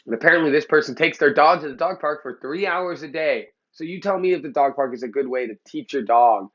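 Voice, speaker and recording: A Los Angeles dog trainer speaks straight to the camera with blunt, profane heat. He talks a little high and fairly quickly, his tone slightly bright, though the audio is dull.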